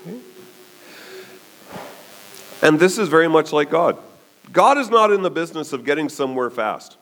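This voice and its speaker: A male pastor delivering a sermon in a slightly high voice. His delivery is animated, with pitch swinging widely as he retells a story. He keeps checking in with his listeners by asking "okay?". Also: normal speed.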